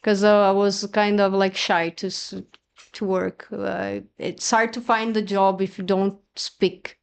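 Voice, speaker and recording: Smooth-voiced Brazilian woman speaking English. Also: mid-range voice, little pitch movement, a little slow. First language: Portuguese. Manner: hesitant, many fillers and restarts. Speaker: guest. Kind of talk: casual interview in English.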